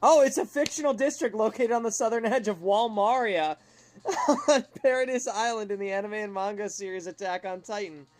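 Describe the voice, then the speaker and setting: A woman's voice: medium pitch, moderate pace, darkish tone, soft background music. A young woman streamer chatting casually and laughing at herself while playing a game. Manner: giggly, self-mocking, chatty.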